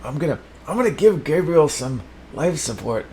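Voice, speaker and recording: A man's voice: on the high side, very animated, normal speed, a little hiss or hum. Rambling, profane improvising man. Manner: rambling, profane, swings between mumbling and shouting. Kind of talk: improvised absurd comedy monologue.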